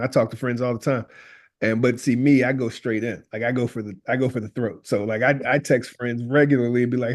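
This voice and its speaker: A man's voice: mid-range voice, steady tone, brisk, darkish tone. A man being interviewed as a guest, speaking earnestly and telling stories, often acting out what people say. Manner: earnest storyteller, acts out quoted dialogue. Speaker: guest, death doula. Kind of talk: conversational interview.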